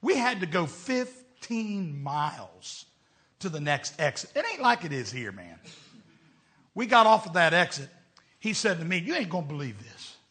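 A middle-aged man, preaching a storytelling sermon as a traveling evangelist, swinging between shouts and hushed tones. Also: high voice, very animated, moderate pace.

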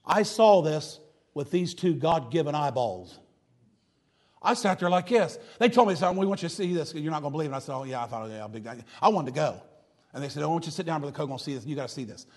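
A man delivers a folksy, mocking sermon. His voice sits high for a man and has a husky edge to it. He preaches with swells of intensity, then drops back down. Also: lively intonation, fast, a little mellow.

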